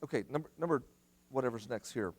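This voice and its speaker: A man's voice: medium pitch, fast, breathy edge. A middle-aged man preaching a sermon at a church family seminar, emphatic and repeating his commands for stress. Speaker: guest speaker at family seminar.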